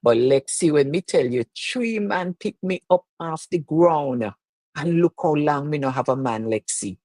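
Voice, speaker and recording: A middle-aged Jamaican woman hosts a casual live show with a lively, sing-song voice that swoops up and down. She teases and tells stories, sliding between patois and standard speech. The sound is close and dry. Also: sits low, measured pace, no echo. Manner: playful, teasing, storytelling. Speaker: show host. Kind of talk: live-streamed casual chat.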